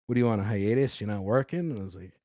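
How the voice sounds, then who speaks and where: A guest comedian from Staten Island, New York, tells stories in a casual podcast chat, acting out quotes and swearing freely. His voice is lowish, and he races through his words. The studio recording is clean and dry, with no room sound.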